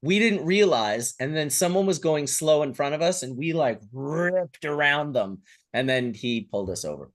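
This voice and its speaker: A man's voice: fairly high pitch, lively intonation, moderate pace. A Canadian man in casual chat, talking in a laid-back, slangy way.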